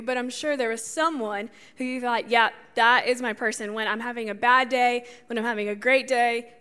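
Bright high-voiced woman preaching. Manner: animated, talks straight to the audience, laughs at her own slips. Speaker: youth speaker. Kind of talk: conversational sermon.

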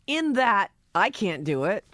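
A man's voice: high voice, sing-song, unhurried, pushed and bright, no echo. A man, hosting a radio show in casual, wry banter that drifts between topics. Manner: wry, chatty, trails off mid-sentence.

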